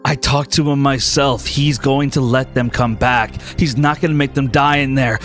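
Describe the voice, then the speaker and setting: A man voicing a steady male friend who calmly talks another down. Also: mid-range voice, normal speed, faint music behind, lightly acted. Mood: calming. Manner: calm, soothing, reasoning.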